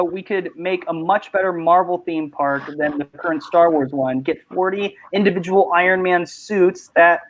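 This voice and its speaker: A man hosts a casual online panel chat, his voice sitting a little high as he rambles along in animated bursts. The sound is muffled and lo-fi. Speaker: host. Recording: muffled lo-fi mic.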